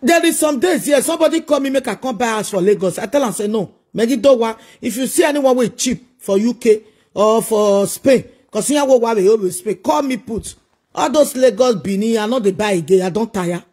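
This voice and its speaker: A man's voice: very high voice, fairly quick, darkish tone, breathy edge. A man with a Nigerian accent delivering a preachy, scolding monologue full of repeated rhetorical questions. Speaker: social media commentator.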